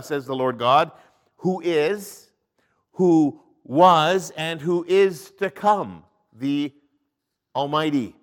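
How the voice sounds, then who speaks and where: Man preaching with big swings in volume. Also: on the high side. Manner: dynamic preaching, swinging from loud emphasis to hushed drops. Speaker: pastor. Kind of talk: sermon.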